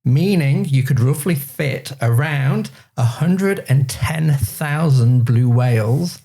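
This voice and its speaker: A man with a mid-range voice hosts a relaxed panel chat. He reads out facts and numbers in an upbeat, presenting way and steers the group along. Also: medium pitch, takes it slowly, creaky. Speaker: quiz show host.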